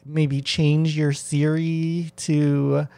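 A man's voice: a little high, level tone, very slow, vocal fry, dark tone, clean tone. Man hosting a rambling podcast chat. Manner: rambling, many restarts and fillers. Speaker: podcast host.

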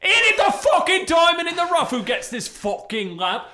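A man's voice: very high voice, very animated, normal speed, pitched above the performer's own voice, exaggerated voice. A man voicing a rowdy, foul-mouthed cockney-style male genie in an improvised comedy bit, barking slangy insults. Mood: bellowing. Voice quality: loud, shouty. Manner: barking insults, thick slangy street talk.

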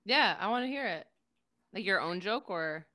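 A woman's voice: mid-range voice, animated, normal speed, bright, forceful tone. A woman hosting a casual comedy podcast, talking loosely with swearing and lots of laughing. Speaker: podcast host.

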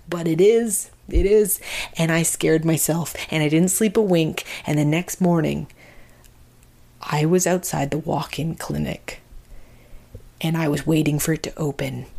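A young adult woman from Canada, a podcast host telling a funny personal story in an animated, self-mocking way. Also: deep voice, creaky. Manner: animated, self-mocking, acts out both sides of the talk.

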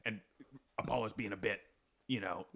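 A man's voice: on the low side, fairly even intonation, normal speed, creaky, fairly bright tone. A man co-hosting an improvised comedy podcast, telling stories with lots of energy and acting out movie scenes. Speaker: podcast co-host.

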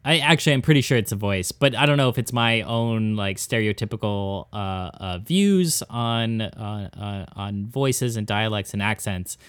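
A man's voice: lowish voice, moderate pace, hardly any pauses, fairly bright tone, clear, resonant tone, dry recording. A man co-hosting a comedy podcast, chiming in with dry quips. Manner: dry quips, laughs easily. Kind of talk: casual comedic chat.

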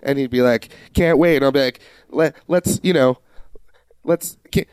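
A man's voice: medium pitch, moderate pace, darkish tone, smooth, no room sound. A man riffing playfully in an improvised comedy chat, giggling through his lines.

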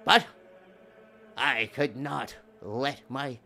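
A man voicing the proud older father of the groom, who speaks slowly and formally. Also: mid-range voice, steady tone, creaky, sharp tone, full character voice. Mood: proud, fond. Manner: slow, formal and deliberate.

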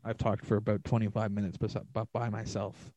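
Rambling, profane comedian talking solo. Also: male voice, fairly low pitch, little pitch movement, fairly quick, darkish tone, dry recording, rough recording. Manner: rambling, profane, self-mocking. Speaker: comedian podcast host. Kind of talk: solo podcast monologue.

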